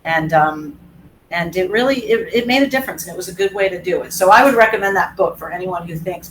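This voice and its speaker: A woman's voice: on the low side, quick pace, a little hiss or hum, rough recording. A woman fitness professional talking casually in a webinar, chatty and candid, acting out voices in her stories. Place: video call.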